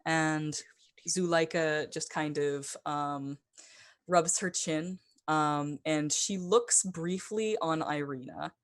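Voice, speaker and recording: Woman game master, low voice, slow, hesitant narration, tabletop game. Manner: hesitant, lots of ums and uhs.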